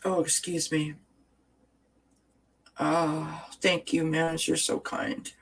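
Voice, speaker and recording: A woman's voice: deep voice, flat delivery, slow pace, creaky, slight background noise. A woman hosting a casual livestream, reading viewer comments and talking through self-help ideas with frequent restarts and tag questions.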